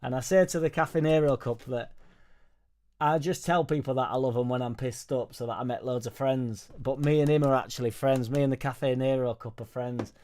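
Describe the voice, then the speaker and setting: A man hosting a football fan live stream, chatting casually and reading viewer comments aloud in a rambling, sweary, jokey way into a studio microphone on a boom arm. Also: fairly even intonation, normal speed, darkish tone. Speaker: football fan channel host.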